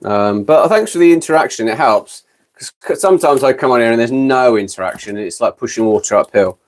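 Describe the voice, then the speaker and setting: A man's voice: medium pitch, lively intonation, a little fast. A British man in his fifties hosting a casual livestream chat, rambling and correcting himself as he goes. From Britain. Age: 50s. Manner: rambling, self-correcting, gabbling. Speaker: livestream host.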